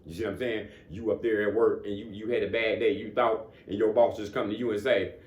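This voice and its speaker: Low-voiced man giving a casual pep talk. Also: steady tone, fairly quick, hardly any pauses, a little mellow. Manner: conversational, keeps asking "you know what I'm saying"; chuckles between points. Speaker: motivational speaker. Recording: echoey room.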